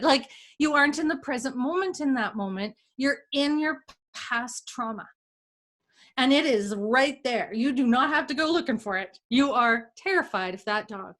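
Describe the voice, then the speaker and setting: A woman's voice: high voice, expressive, normal speed, a bit bright. A middle-aged woman, a healer, teaching in a casual conversation, acting out inner dialogue as she explains and laughing often. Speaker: energy healer guest.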